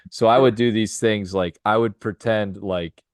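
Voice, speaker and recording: A man's voice: on the low side, fairly even intonation, normal speed, no echo, studio quality. A young man co-hosting a podcast in casual chat, rambling with lots of fillers. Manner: rambling, filler-heavy, laughs easily. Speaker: podcast co-host.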